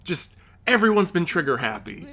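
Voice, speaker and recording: Brief: a swearing gaming commentator in an exasperated review rant, with a bright, tense tone. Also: medium pitch, very animated, normal speed. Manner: exasperated, profane, ranting; frequent outbursts of rising disbelief.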